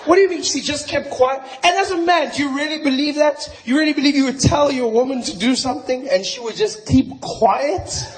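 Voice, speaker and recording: A South African man doing stand-up comedy, telling a story in an incredulous, animated way on a large theater stage. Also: very high voice, a little fast, few pauses. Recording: roomy venue with crowd noise. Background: audience laughter and noise.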